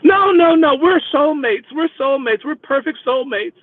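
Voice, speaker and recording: A man's voice: very high voice, animated, moderate pace, pitched above the performer's own voice. A man voicing a heartbroken young woman who sobs and pleads insistently, over a tinny phone-like line. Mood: sobbing, insistent.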